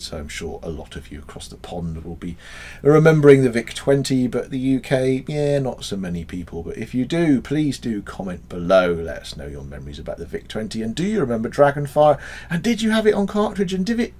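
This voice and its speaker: Bloke from wiltshire hosting a retro gaming podcast, teasing, lively up and down voice. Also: male voice, fairly low pitch, a little hiss or hum. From Wiltshire, England. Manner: playful, laughing, teasing. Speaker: podcast host. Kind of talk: casual chat.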